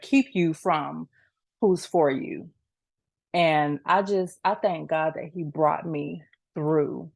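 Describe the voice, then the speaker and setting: A young woman, an author, telling her personal story in an earnest, faith-filled way, halting and restarting as she speaks. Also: on the low side, gravelly, darkish tone, no room sound. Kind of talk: emotional personal testimony.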